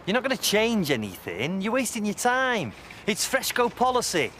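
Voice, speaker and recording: A man's voice: high-pitched, huge pitch swings, normal speed, a bit bright, slight background noise, exaggerated voice. An actor playing a prim, officious male supermarket manager who dodges blame in a TV soap scene. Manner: pompous, officious, smug. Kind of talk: TV soap acting.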